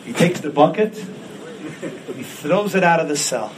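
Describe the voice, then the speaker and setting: Impassioned preaching man, high voice. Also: normal speed, low-quality recording. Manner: impassioned, rising to shouts on key points. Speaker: rabbi. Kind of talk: sermon with storytelling.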